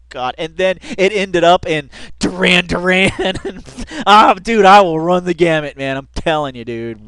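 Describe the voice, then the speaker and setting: A man's voice: a little high, fairly bright tone, clear, resonant tone. A man casually commenting on a video as he watches it, laid-back, laughing often and saying dude and man a lot. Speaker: reaction video host.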